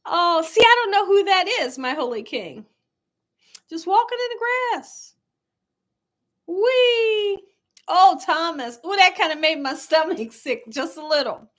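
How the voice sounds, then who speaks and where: Speaking at normal speed with hardly any pauses, a middle-aged cooking channel host uses a high, fairly bright voice with lively intonation. She runs a casual livestream, chatting with viewers, reading their comments and telling stories, laughing often and calling them y'all.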